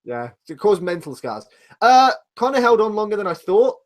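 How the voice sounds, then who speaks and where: Sweary British man with a lively voice. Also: sits high, normal speed. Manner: sweary, blunt, argumentative. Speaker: podcast co-host. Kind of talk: casual live podcast banter.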